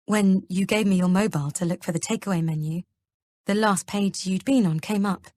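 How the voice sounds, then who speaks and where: A woman reading an audiobook, voicing a gentle, worried husband who talks softly and hesitantly. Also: mid-range voice, fairly quick, dry recording, clean studio sound, natural voice. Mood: earnest. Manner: soft, hesitant pleading.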